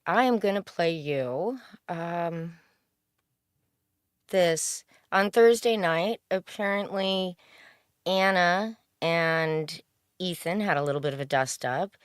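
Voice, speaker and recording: Slow-talking woman greeting her stream. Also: fairly low pitch, clean tone, dry recording, studio quality. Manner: unhurried, greets chat viewers by name. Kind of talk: casual livestream chat.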